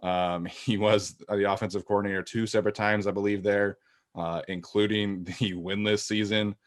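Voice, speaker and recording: A man co-hosting a sports podcast, talking casually and thoughtfully, often trailing off quietly at the ends of sentences. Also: on the low side, little pitch movement, moderate pace. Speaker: podcast co-host.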